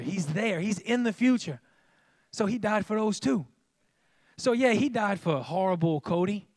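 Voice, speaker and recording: A man's voice: on the high side, a little mellow, no room sound. A man preaching a sermon as pastor, emphatic and folksy, repeatedly calling out to the congregation.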